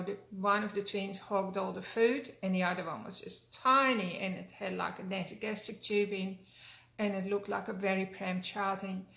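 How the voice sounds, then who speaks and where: A woman teaching a self-help wellness practice, talking gently and repeating phrases, with many fillers. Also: medium pitch, gravelly, echoey room, rough recording. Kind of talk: spoken self-help talk.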